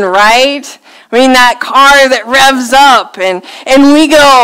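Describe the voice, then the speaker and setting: A woman's voice: sits high, measured pace, fairly bright tone, clear, resonant tone, low-quality recording. A woman, preaching a sermon and telling a story on herself with self-deprecating laughter.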